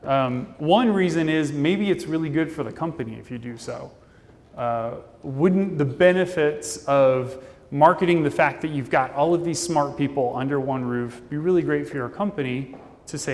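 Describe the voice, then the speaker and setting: A man giving a fast, casual, jokey conference talk from a stage. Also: fairly high pitch, darkish tone. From Indianapolis, Indiana, US. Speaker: conference speaker. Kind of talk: keynote presentation. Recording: long reverb of a conference hall.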